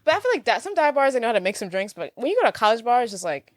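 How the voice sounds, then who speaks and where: A woman's voice: on the high side, rapid-fire. A woman co-hosting a podcast, telling the plot in casual chat with easy laughter. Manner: laughs easily, lively storytelling. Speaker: podcast co-host. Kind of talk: casual movie recap chat.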